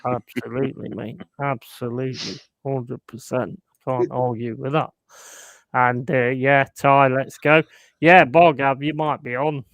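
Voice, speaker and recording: A man's voice: medium pitch, fairly even intonation, measured pace, fairly bright tone, no room sound. A man hosting a live stream, chatting casually and bluntly, swearing and joking with his chat.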